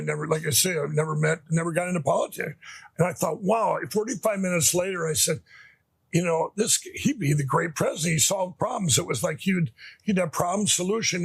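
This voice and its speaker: A middle-aged man with a gravelly, husky voice, pitched a little high for a man, recounts his story in a rambling, heartfelt way. He restarts often and circles back, and the recording is close and dry. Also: no echo. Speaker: interview guest. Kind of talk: conversational storytelling.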